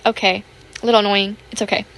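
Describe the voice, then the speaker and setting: A young woman in her teens chatting casually, rambling with lots of fillers and a self-conscious, apologetic manner; her voice sounds a little rough. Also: mid-range voice, flat delivery, fast talker, fairly bright tone. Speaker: YouTuber. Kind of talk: casual chat over gameplay.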